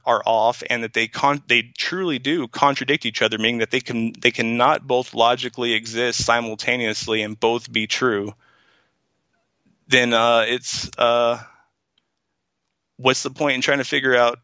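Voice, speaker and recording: Bright, rambling man on a podcast. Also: medium pitch, steady tone, moderate pace, dry recording, muffled recording. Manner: rambling, lots of fillers and restarts. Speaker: podcast co-host. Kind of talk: casual podcast discussion.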